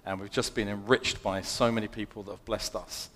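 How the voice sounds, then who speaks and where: A man's voice: lowish voice, steady tone, fairly quick, a bit bright. A man with a London accent giving a chatty, self-deprecating sermon as a guest preacher. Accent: London English. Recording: long hall reverb.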